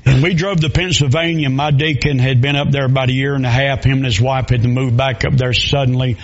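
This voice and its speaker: A pastor, preaching a sermon in a folksy storytelling way with plain dialect grammar. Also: male voice, medium pitch, fairly even intonation, fairly quick, highs cut off. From Southern US.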